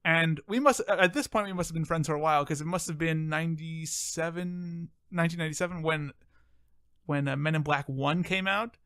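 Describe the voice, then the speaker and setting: A man's voice: fairly high pitch, fairly quick, smooth, no echo, studio quality. Joking young man hosting a podcast. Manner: joking and self-deprecating, animated. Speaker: podcast host. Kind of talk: casual podcast chat.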